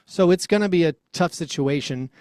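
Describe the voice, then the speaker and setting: A man co-hosting a sports podcast, talking casually and telling a rambling, animated story as a parent of a young child. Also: a little high, fairly quick, clean tone, dry recording, clean studio sound. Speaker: podcast co-host.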